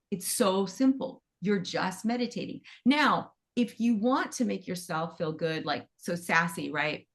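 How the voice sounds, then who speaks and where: A middle-aged woman teaches animal Reiki in a soft, friendly, conversational way. Her voice sits a little low, and she drifts into side stories and asides as she explains. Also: vocal fry. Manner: gentle, conversational, rambling with asides. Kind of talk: casual teaching talk.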